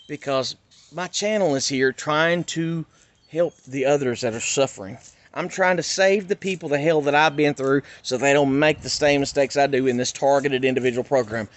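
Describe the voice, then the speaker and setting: A middle-aged man from North Carolina, telling a personal story in an animated, emphatic rant. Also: medium pitch, normal speed, no room sound. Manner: animated, emphatic, swings between loud and hushed. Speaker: YouTuber.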